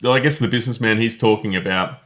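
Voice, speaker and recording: A man's voice: lowish voice, quick pace, a bit bright. A man co-hosting a casual film review podcast, chatty and self-deprecating, laughing often. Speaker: podcast co-host.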